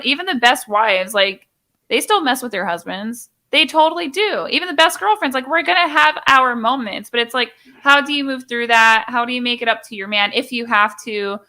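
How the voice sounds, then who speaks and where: A woman's voice: on the high side, bright, forceful tone. A young woman hosting a casual live stream chat, talking in an emphatic, opinionated way and acting out little quoted exchanges.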